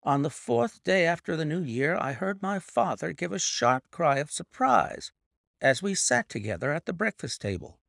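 A man reading a classic detective story aloud in an expressive, theatrical way. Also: a little high, normal speed, gravelly, dry recording, studio quality. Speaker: audiobook reader.

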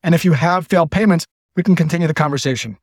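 A man quoting a calm, friendly young woman sales rep making a cold call, in a slightly lower, softer tone. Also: fast, dry recording, clean studio sound. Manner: calm, friendly phone pitch.

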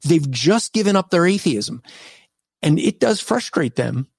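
A man guest on a podcast interview, a street evangelist telling stories of his debates in an animated, argumentative way. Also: a little high, unhurried, creaky, husky, no room sound. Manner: animated, argumentative, recounts debates by acting out both sides. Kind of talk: conversational storytelling in a podcast interview.

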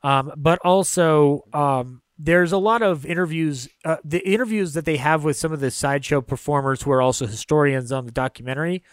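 A man's voice: a little high, brisk, few pauses, clear, resonant tone, no room sound. A man co-hosting a podcast, talking through a film in a casual, digressive way and swearing freely. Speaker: podcast co-host.

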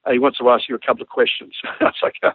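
A man with an Australian accent telling a lively story about flying a helicopter, acting out the radio calls and laughing often. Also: mid-range voice, rapid-fire, breathy edge, no room sound, narrow, tinny audio. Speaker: former army helicopter pilot telling a story. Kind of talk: casual anecdote.

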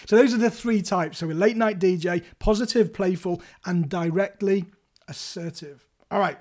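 A man's voice: high voice, normal speed, darkish tone. Playful, chatty male podcast host. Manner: playful, chatty, addresses listeners directly. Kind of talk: solo podcast coaching talk.

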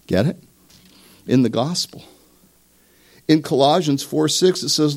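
A man preaching a sermon to a congregation, animated and joking, who puts on mocking voices for his examples. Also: a little high, measured pace, long pauses. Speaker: pastor. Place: church before a live congregation.

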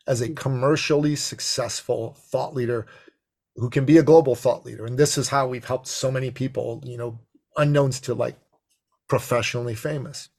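A middle-aged man telling an expressive, animated story as a podcast guest. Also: moderate pace. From Persian heritage. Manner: expressive, swings to high excited pitch in quotes. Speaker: podcast guest, business coach.

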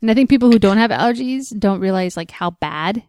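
A young woman co-hosting a podcast, chatting casually and filling pauses with "like" and "um". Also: medium pitch, lively intonation, darkish tone, dry recording, studio quality. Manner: chatty, lots of "like" and "um". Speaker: podcast co-host. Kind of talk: casual chat.

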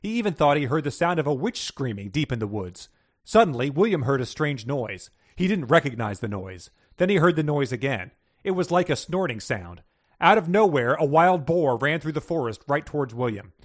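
A man's voice: a little high, very animated, brisk. A man hosting a quiz, reading story passages aloud and chatting casually. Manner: plain storybook reading, chuckles. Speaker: quiz host.

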